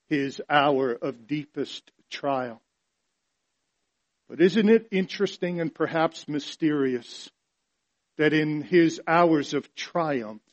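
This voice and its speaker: A male pastor preaching a sermon, swinging from hushed, quiet passages to loud, emphatic ones. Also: fairly high pitch.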